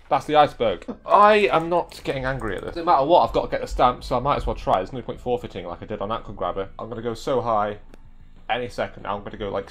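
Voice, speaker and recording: A young man giving live gameplay commentary, exasperated and talking back at the game. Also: mid-range voice. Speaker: gaming video creator.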